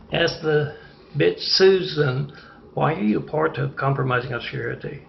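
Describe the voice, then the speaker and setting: A man with a slightly high, gravelly voice rambles through an agitated monologue, stumbling over fillers as he goes. The sound is muffled and lo-fi, bouncing around a reverberant room. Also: slight background noise. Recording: echoey, muffled lo-fi room recording.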